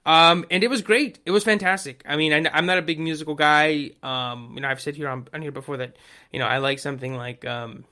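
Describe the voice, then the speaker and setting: Podcast co-host, male, bright and forceful tone, rambling and excitable. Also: on the high side, brisk. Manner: rambling, excitable, lots of fillers and restarts. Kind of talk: casual chat.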